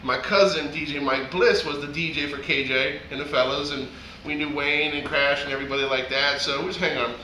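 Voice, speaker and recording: Brief: lively bright-voiced man, profane storyteller, a bit high, echoey room with faint hiss. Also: a little fast. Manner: animated, profane, acts out quotes. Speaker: DJ guest. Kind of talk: casual storytelling interview.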